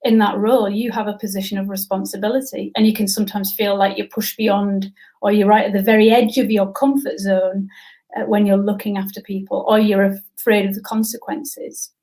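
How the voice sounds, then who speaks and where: A woman's voice: mid-range voice, little pitch movement, brisk, warm tone, low-quality recording. A middle-aged woman, a coach and career consultant speaking as a guest in an interview, thoughtful and often restarting her sentences. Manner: thoughtful, many restarts and fillers. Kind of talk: conversational expert interview.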